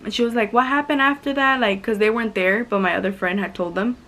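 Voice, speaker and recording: A woman's voice: medium pitch, fast talker. A teenage girl telling a story to camera in a casual storytime vlog, acting out quotes with many fillers. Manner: animated retelling, acts out quotes, many "like" fillers. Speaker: vlogger.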